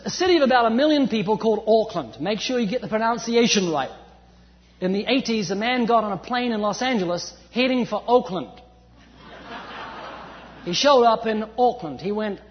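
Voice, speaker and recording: A man from New Zealand with a faint New Zealand accent, preaching a sermon with animated emphasis that swings from loud to hushed. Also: high voice, fairly quick, slight background noise. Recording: dull sound with long hall reverb.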